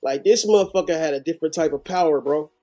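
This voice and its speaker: Faint music sits behind this reaction-show host as he talks quickly in a warm voice on the high side. His live commentary is animated and packed with slang and swearing.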